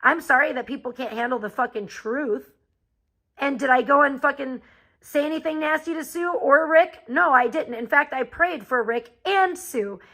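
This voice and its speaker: A woman's voice: sits high, moderate pace, fairly bright tone, rough recording. A woman live streamer ranting to her chat in a heated, profane, confrontational way. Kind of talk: angry live-stream rant.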